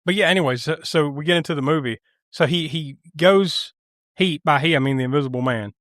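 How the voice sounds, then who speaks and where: A man with a fairly high voice recaps a film for his podcast co-hosts in loose, casual chat. He laughs often, swears freely and jumps into voices to act out scenes. The sound is dry and close. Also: fairly quick, fairly bright tone, no room sound. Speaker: podcast co-host. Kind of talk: casual movie review chat.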